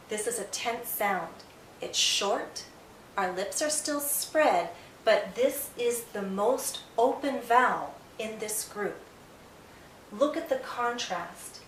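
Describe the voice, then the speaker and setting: A woman teaching English vowel sounds, speaking slowly and modeling each sound with clear articulation. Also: on the high side, lively intonation, distant mic, slight background noise. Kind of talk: slow scripted pronunciation lesson. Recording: roomy echo, faint music behind.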